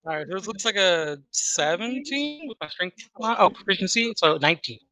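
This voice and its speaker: An eager tabletop player chatting over an online session, laughing often and checking rolls. The voice is bright and sharp-edged, mid in pitch, heard close on a dry mic. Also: lively intonation, normal speed, dry recording. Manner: eager, laughs often, asks rules questions. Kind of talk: tabletop game chat.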